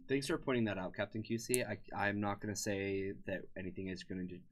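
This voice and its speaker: Man, low voice, co-commentator, relaxed, agreeable, jokey asides. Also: fast. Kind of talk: casual game commentary.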